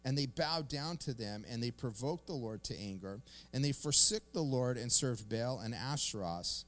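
A middle-aged man preaching a sermon as pastor, telling stories in a casual, animated way with slang. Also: medium pitch, normal speed.

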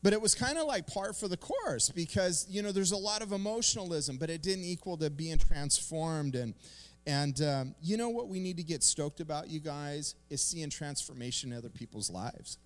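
A middle-aged man preaching a sermon as pastor, telling stories in a casual, animated way with slang. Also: on the high side, normal speed.

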